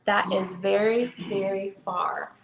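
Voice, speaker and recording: A woman voicing a calm, patient father hare, speaking slowly and softly from a storybook. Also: medium pitch, voice pushed down, low-quality recording. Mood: gentle.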